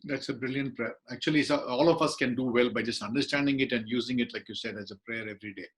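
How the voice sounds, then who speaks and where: A man's voice: mid-range voice, fast. A man hosting an interview, enthusiastic and affirming toward his guest. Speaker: interview host.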